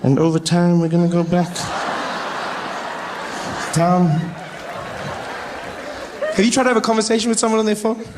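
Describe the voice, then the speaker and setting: On stage in front of a live audience, a thirty-something man with a South African accent delivers a stand-up set in a high voice at a moderate pace, with long pauses and a noisy background. He animates his stories by acting out characters with dramatic vocal jumps.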